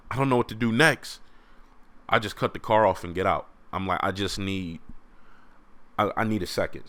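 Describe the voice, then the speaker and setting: A young man hosting a podcast alone, telling a story casually in slang, animated and often laughing. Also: low-pitched. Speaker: podcast host.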